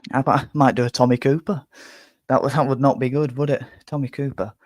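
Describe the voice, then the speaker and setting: A fan channel host runs a live fan reaction, speaking bluntly, restarting often, and sounding a little out of breath. His mid-range voice is steady, fairly quick, and a bit mellow, captured in a dry recording.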